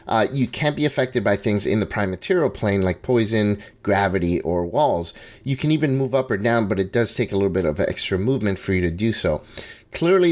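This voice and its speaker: A man casually talking through a tabletop game guide, conversational with frequent restarts and asides. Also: fairly low pitch. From Hispanic background. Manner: conversational, restarts and hedging asides, laughs at himself.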